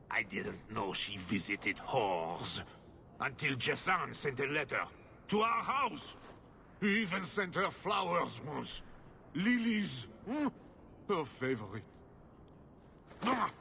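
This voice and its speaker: An actor playing a brooding, defensive husband whose wife has run off, grumbling and sighing. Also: male voice, medium pitch, big pitch swings, slow pace, vocal fry, sharp tone, a little hiss or hum, exaggerated voice. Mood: weary.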